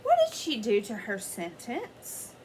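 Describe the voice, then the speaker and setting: A woman teacher reading a picture book aloud to children in an expressive way, pausing to ask them questions. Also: a little high, slight background noise. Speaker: elementary school teacher. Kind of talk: children's story read-aloud.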